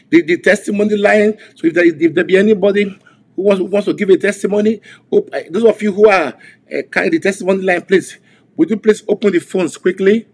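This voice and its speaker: A man's voice: high voice, a little mellow, breathy edge. A man preaching and leading an online prayer session, fervently repeating declarations. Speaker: pastor.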